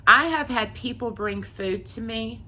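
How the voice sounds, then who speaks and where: Bright, fairly high-voiced woman; earnest, tearful personal testimony, plainly spoken. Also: a little slow. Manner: earnest, tearful, repeats herself. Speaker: vlogger sharing a faith testimony.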